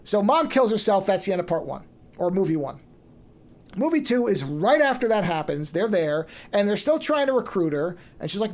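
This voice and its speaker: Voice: mid-range voice, expressive, normal speed, darkish tone. A podcast host in casual chat, animatedly retelling a story and briefly acting out the characters' lines. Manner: loose and chatty, frequent restarts.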